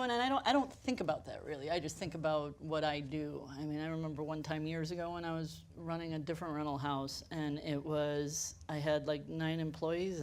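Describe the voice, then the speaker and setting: Low-voiced woman telling lively stories. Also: slight background noise. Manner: animated, acts out quoted lines, laughs often. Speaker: camera rental house manager. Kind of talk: panel discussion storytelling.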